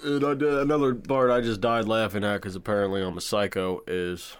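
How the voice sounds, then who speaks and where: A man's voice: lowish voice, fairly even intonation, fairly quick, clear, resonant tone. A man co-hosting a casual horror movie podcast, easygoing and often laughing. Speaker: podcast co-host. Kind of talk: casual chat.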